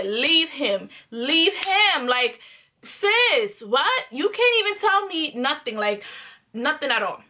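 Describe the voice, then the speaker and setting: A young woman tells a story straight to her viewers in a loose, slangy, conversational way. Her voice sits high and sounds bright and sharp. She keeps it animated and jumps into the voices of the people in her story. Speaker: vlogger. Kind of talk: casual storytime.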